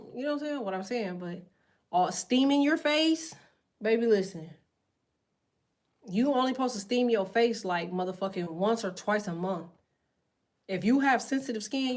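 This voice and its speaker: A woman hosting a casual livestream from her bed, talking to viewers in a rambling, profane, slangy way. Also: medium pitch. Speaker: tarot livestream host. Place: in bed at home.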